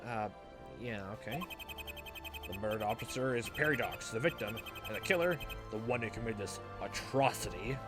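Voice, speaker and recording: A man's voice: fairly low pitch, moderate pace, close to an everyday voice. A man voicing a smug, combative male prosecutor who speaks in a brash, goading way. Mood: accusing. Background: background music.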